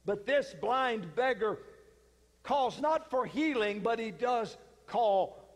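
A man preaching a sermon, retelling a story dramatically with pauses. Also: high voice, lively intonation, long reverb tail.

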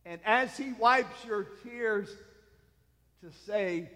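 A man preaching an Easter sermon as pastor, slow and emphatic, often trailing off softly at the ends of phrases. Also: high voice. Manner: slow, emphatic preaching with soft dropped endings. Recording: long hall reverb.

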